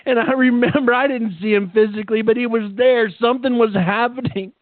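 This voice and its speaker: Man, high voice, emotional testimony, halting, dry phone-quality sound. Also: steady tone, no room sound. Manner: fervent, halting, repeats words. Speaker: testimony speaker. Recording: tinny phone-like line, dry.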